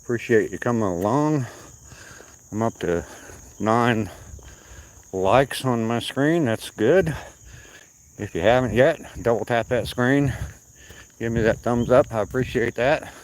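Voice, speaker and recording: A man's voice: mid-range voice, a little slow, pauses often, low-quality recording. An older man with a slight Southern accent, chatting casually with viewers on a live stream while out on a walk, rambling from topic to topic. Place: outdoors at night on a walk.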